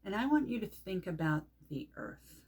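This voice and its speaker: A middle-aged woman leading a guided grounding meditation, calm and unhurried, pausing often between phrases. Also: mid-range voice, husky. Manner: calm, unhurried, speaks with pauses and soft fillers. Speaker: meditation teacher.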